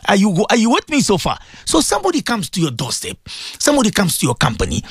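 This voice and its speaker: A man's voice: high voice, wildly swooping pitch, fast, slightly rough, no echo, studio quality. Fervent South African man preaching on radio. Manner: fervent, repetitive, exhorting. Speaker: religious radio presenter. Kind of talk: impassioned radio sermon.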